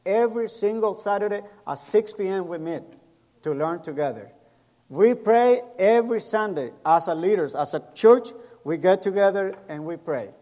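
High-voiced pastor preaching in an echoey hall. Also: male voice, expressive, normal speed, mellow. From El Salvador. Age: middle-aged. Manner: storytelling, acts out quoted voices, non-native grammar. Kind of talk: sermon with personal stories.

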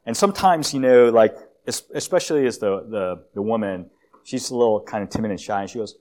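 A man giving a conversational church sermon with slides, a self-described long-winded speaker who often fills pauses and restarts phrases. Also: medium pitch, animated, darkish tone. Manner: conversational, with frequent fillers and restarts. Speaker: guest preacher.

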